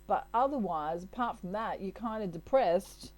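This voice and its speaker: A woman's voice: mid-range voice, expressive, normal speed, darkish tone, rough recording. A woman giving a casual tarot reading, chatty and playful, laughing often. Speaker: tarot reader.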